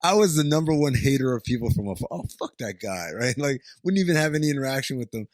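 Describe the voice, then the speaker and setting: A man's voice: mid-range voice, expressive, quick pace, no echo. A man co-hosting a movie podcast, riffing sarcastically, rambling and swearing with frequent laughs. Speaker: podcast co-host. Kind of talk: casual movie-riffing chat.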